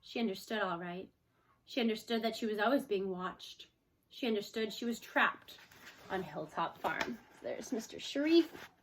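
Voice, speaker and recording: A woman reading a children's novel aloud expressively, slowing for chapter titles. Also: medium pitch, a bit bright, slight background noise. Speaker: storyteller.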